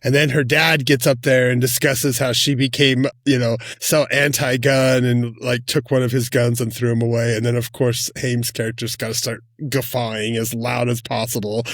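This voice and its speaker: A man co-hosting a film podcast, speaking at an ordinary middle pitch. He tells things in an animated, casual way and laughs easily. The sound is close and dry, with no room around it. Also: moderate pace, few pauses, no room sound. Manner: animated, laughs often, loose conversational storytelling. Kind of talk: casual film review chat.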